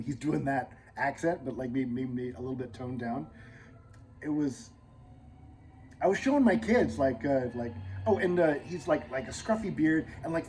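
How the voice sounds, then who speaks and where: A man's voice: a little high, a little hiss or hum, poor audio. A man hosting his own channel in a casual, rambling monologue, full of fillers and restarts, sometimes dropping into muttered asides. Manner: drifts between loud and muttered asides. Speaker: channel host.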